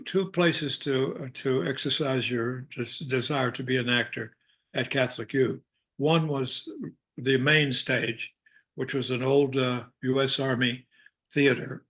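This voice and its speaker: An older man from Arkansas, an actor guest telling anecdotes in a meandering, halting way and chuckling often. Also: medium pitch, a bit bright, breathy edge. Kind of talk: casual anecdotal storytelling.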